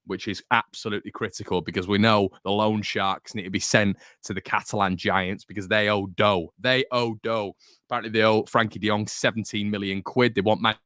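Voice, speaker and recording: A young man talks casually to camera about his football club, rambling and joking as he goes. His voice sits on the low side, and the recording is close and dry with no room sound. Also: fairly bright tone, no room sound. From Northern England. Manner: chatty, jokey, rambling. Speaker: football fan channel host.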